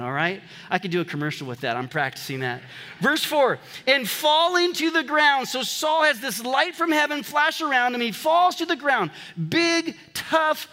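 A man pastor preaching an animated sermon to his congregation, breaking off now and then to joke with them, recorded in a church. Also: sits high, big-room sound. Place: church sanctuary.

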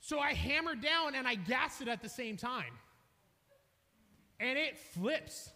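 A young man preaching a sermon, telling a funny story loudly, with an animated, self-mocking manner. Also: extremely high pitch, slow pace. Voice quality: loud, energetic. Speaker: pastor. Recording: reverberant hall.

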